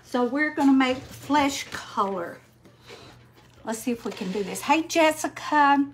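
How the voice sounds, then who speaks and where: An older woman, chatting slowly on a craft livestream, greeting viewers by name while she paints. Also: high-pitched, expressive, slight background noise. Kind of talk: casual live-stream chat while painting.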